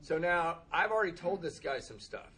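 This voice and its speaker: A man's voice: a little high, very animated, brisk, very noisy. Self-mocking man telling his recovery story. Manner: self-deprecating, laughs through his own story. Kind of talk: humorous personal storytelling.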